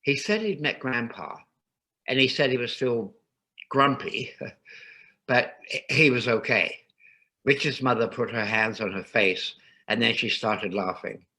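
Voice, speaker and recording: A man reading a ghost story aloud in a calm, measured narration. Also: mid-range voice, rough recording.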